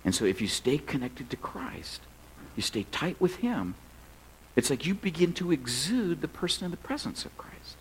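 A middle-aged man preaching as a pastor, telling funny stories in a relaxed, conversational way. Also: fairly high pitch, normal speed, slight background noise, rough recording. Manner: conversational, humorous storytelling. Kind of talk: sermon.

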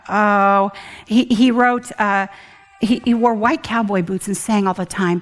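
An older woman giving an earnest personal testimony at church, halting often and restarting her sentences. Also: high voice, fairly bright tone, big-room sound. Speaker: church speaker.

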